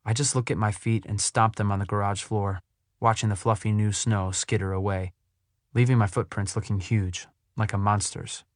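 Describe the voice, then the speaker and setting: Low-voiced guy reading an audiobook, soothing and even, dry close studio sound. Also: moderate pace, no echo. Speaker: audiobook narrator. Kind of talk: first-person audiobook narration.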